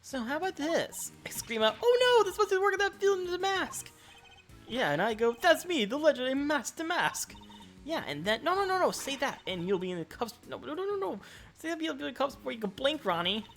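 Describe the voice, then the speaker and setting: A man doing squeaky, scheming crooks. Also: very animated, fairly quick, vocal fry, a bit bright, faint music behind, full character voice. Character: two squabbling scheming male thieves.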